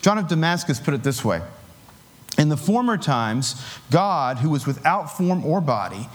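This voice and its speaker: A man preaching a sermon in a relaxed, conversational way, with filler words and light chuckles. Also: on the high side, moderate pace.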